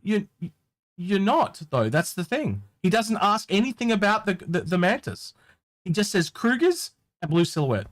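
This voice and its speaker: A man's voice: high voice, very animated, moderate pace. A man co-hosting a live Q&A, arguing insistently and cutting in over a video call. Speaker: co-host. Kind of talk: heated live Q&A argument.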